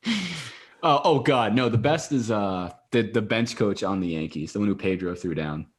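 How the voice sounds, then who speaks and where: A man with a lowish voice co-hosts a casual podcast. He is sarcastic and jokey, and laughs quickly between riffs. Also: expressive. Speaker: podcast co-host. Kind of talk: casual chat.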